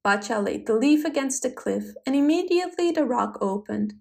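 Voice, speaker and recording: A woman narrating a folk tale in an expressive, dramatic storybook style. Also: high-pitched, normal speed, vocal fry.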